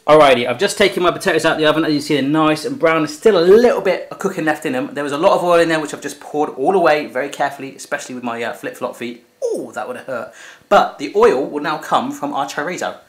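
A man's voice: fairly high pitch, quick pace. An English man hosting a playful home cooking demonstration, chatty and jokey, talking to the food as he cooks. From England. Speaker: cooking show host. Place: home kitchen.

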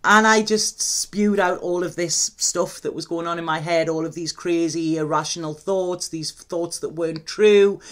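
A woman speaks straight to her viewers as a tarot reader, opening up in a personal confessional monologue. Her talk is candid and emotional, with casual swearing dropped in without fuss. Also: lowish voice.

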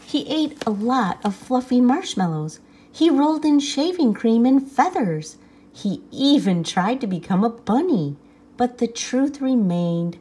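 A woman reading a children's picture book aloud with expressive storytelling. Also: fairly high pitch, slightly rough. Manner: slow, lively, expressive reading.

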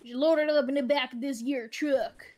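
A woman doing a rustic country voice with a slow, exaggerated drawl. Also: high-pitched, expressive, a bit bright. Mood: playful.

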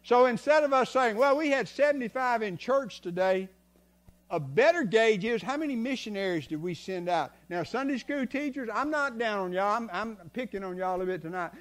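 Older man, guest preacher, folksy storyteller, high-set voice. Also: animated, a little fast, hardly any pauses. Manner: folksy, tells stories, swings from soft to loud. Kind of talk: sermon. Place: church sanctuary.

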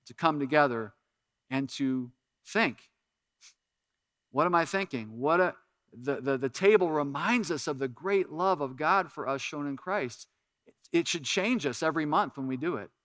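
A middle-aged male pastor preaching a sermon, lively in bursts and dropping to soft, earnest appeals. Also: fairly high pitch, smooth, dry recording, clean studio sound.

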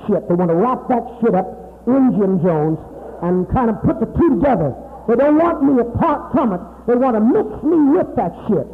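A man preaching a sermon to his congregation in a mocking, profane manner, swinging between loud outbursts and hushed, confiding talk. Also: very high voice, animated, moderate pace. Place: church hall. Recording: tinny old tape from a reverberant hall.

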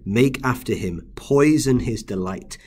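A man's voice: medium pitch, a little slow, a little mellow, slight background noise, voice pushed up, close to an everyday voice. A man reading aloud as a scheming, villainous male soldier who stirs up panic with urgent commands.

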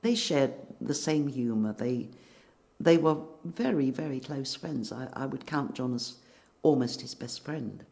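An older woman in an interview, reflecting on her past in a soft, hesitant way. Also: extremely low pitch, expressive, a little slow, gravelly. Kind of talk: reminiscing interview.

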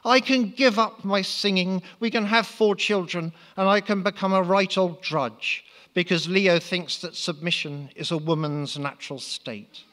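A man's voice: sits high, fairly even intonation, unhurried, hardly any pauses, a bit bright, pitched above the performer's own voice. A man voicing a simpering, lovestruck young noblewoman who gushes her lines. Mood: gushing.

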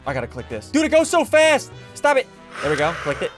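A man commentates his own gameplay in a fairly high, lively voice. He teases his friends and breaks into sudden shouts. Upbeat music plays clearly behind him. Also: brisk. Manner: hyper, shouty bursts, teasing. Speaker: gaming video host. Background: background music.

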